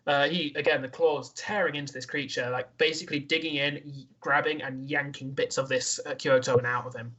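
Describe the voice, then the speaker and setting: A man narrating a tabletop game as game master, describing the action in a halting way. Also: mid-range voice, fairly even intonation, bright, forceful tone, lo-fi sound.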